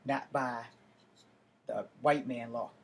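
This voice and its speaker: A man's voice: mid-range voice, slow pace, rough recording. A man giving an emotional, impassioned vlog rant, swearing and building to outbursts. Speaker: video blogger.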